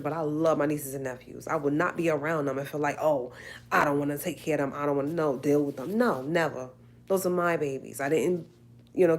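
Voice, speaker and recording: Low-voiced woman preaching at her viewers. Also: a little mellow. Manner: emphatic, preachy, repeats herself. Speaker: livestream host. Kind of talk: casual live-stream talk to viewers.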